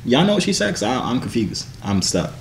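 A man's voice: mid-range voice, very animated, fairly quick, vocal fry. A young man chatting with strangers over a phone video app, in a goofy, teasing, rambling way. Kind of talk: casual video chat. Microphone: phone on a video chat app. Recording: echoey room, noisy video call.

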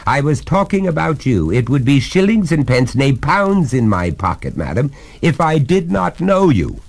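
A man playing an indignant, formal gentleman householder who speaks pompously and with exasperation on a story record. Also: medium pitch, sing-song, moderate pace, creaky, voice pushed up. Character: indignant, proper old-fashioned English gentleman householder.

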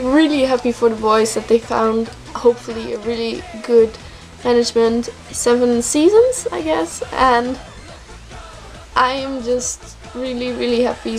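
A young woman vlogging as an excited K-pop fan, gushing and repeating words for emphasis. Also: fairly high pitch. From Netherlands. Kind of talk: excited casual vlog. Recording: faint music behind voice.

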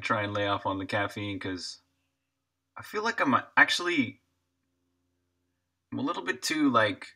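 Bright-voiced man chatting on a live stream. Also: fairly low pitch, very animated, unhurried, long pauses. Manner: chatty, answers chat questions while working. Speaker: indie game developer and streamer. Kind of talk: casual live-stream chat with viewers.

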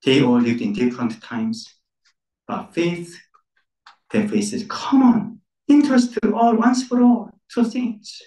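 A man's voice: high voice, a little slow, warm tone. A man preaching a sermon as pastor, emphatic, repeating key words with rising stress. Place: church centre. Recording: echoey room, voice from far off.

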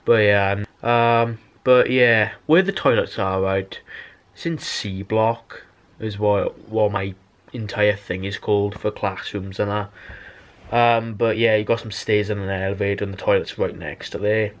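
A man's voice: on the low side, steady tone, a little slow. Sweary, rambling young British man. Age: young adult. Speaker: vlogger. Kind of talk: casual storytime vlog.

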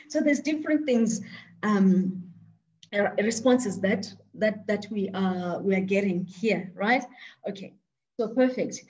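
A woman guides an interactive online talk, questioning listeners and repeating words as she thinks out loud. She speaks at a measured pace in a mid-range, darkish voice, and the audio is dull.

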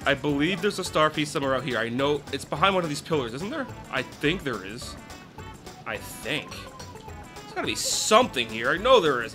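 A young man narrating his video game playthrough, rambling and cutting himself off. His voice is bright and high, swinging widely in pitch, with faint game music behind him. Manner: rambling, self-interrupting, giggly asides. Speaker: let's play host. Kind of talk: gameplay commentary.

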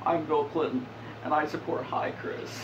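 A man putting on an impression of a folksy older male politician, with a mock-smooth manner and crude punchlines. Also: on the high side, steady tone, moderate pace, reverberant, dull audio, background noise, lightly acted. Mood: smug.

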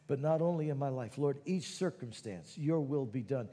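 A man preaching a sermon, moving between quiet teaching and loud, fervent calls to prayer. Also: medium pitch, animated, moderate pace, few pauses, big-room sound. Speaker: pastor.

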